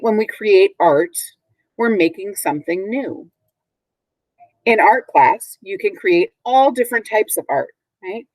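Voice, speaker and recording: A low-pitched woman teacher walks young children through new vocabulary words in a patient, clear way. She repeats each word slowly and has the class say it back after her. The sound is close and dry, like a video recorded in a quiet room at home. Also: no room sound, low-quality recording. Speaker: third grade teacher.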